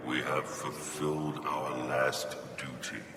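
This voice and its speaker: A solemn ghost of an ancient warrior, speaking in a very deep voice at a slow, heavy pace. He sounds grave and formal, like a spirit taking leave in a video game. A loud ambient drone from the game fills the background. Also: level tone, heavy background noise.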